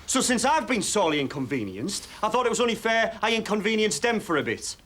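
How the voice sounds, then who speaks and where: An actor playing a stressed, harassed male schoolteacher in a television drama, theatrical in class and flat and weary at home. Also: high-pitched, fast. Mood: sarcastic. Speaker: teacher.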